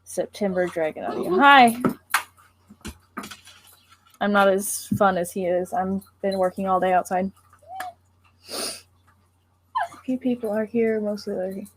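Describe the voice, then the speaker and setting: A woman's voice: medium pitch, slow, pauses often, slight background noise. A young woman filling in on a casual livestream, chatting in a playful, teasing way. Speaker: streamer's girlfriend.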